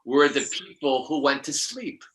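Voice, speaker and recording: A man's voice: a little high, animated, moderate pace, fairly bright tone, poor audio. An older man, a numerologist guest, telling rambling spiritual stories with many restarts and laughs.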